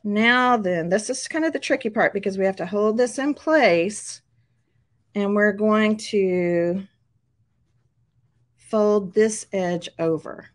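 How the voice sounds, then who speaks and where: A woman's voice: medium pitch, slow pace. A chatty, upbeat middle-aged woman walks viewers through a craft project at her table. She talks casually, keeps checking in with them, and laughs easily between steps. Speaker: craft tutorial host.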